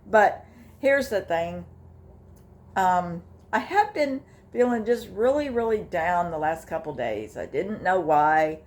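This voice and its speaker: An older woman, talking casually in a personal vlog, halting with fillers and restarts, emotional and close to tears at times. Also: fairly low pitch, lively intonation. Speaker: vlogger sharing her grief journey.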